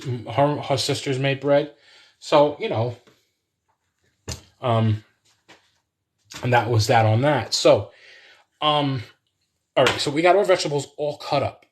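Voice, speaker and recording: A man's voice: medium pitch, a little slow, long pauses, a little hiss or hum. A man chatting to viewers in a rambling way while he cooks live in his home kitchen. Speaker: home cook hosting a live cooking stream. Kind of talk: casual live cooking demo with chat.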